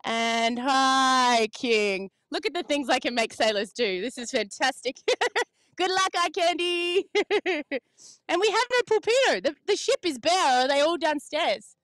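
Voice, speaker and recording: A high-pitched woman hosts a lively dock walk, bouncing from crew to crew with playful questions and frequent laughter. Her voice sits close and dry on the mic despite the open marina around her. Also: slow, no room sound. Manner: bubbly, laughs often, playful. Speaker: sailing reporter, host. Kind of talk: casual on-the-spot interviews.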